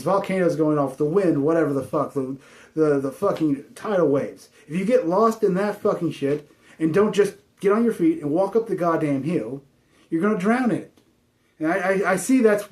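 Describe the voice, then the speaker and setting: A man giving a frustrated, rambling spiritual monologue full of swearing. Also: a little high.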